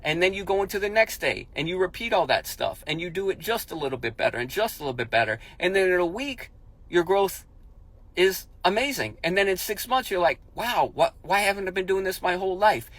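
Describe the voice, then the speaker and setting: A man's voice: sits high, animated, fairly quick, a bit bright. A man giving a motivational monologue as a speaker, talking in an emphatic, repetitive, coach-like way.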